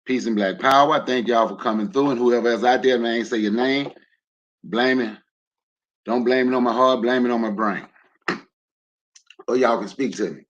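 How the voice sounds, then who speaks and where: Loose-talking man hosting a lo-fi livestream. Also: mid-range voice. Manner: loose and conversational, jokes and asks the audience; emphatic, rallying. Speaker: livestream host. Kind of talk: casual livestream talk to a chat.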